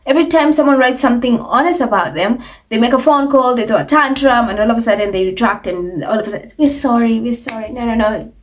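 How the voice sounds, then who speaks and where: A woman's voice: a little high, quick pace. A woman hosting an opinionated commentary vlog, talking in a sarcastic, mocking way and putting on voices to imitate people. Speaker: commentary channel host.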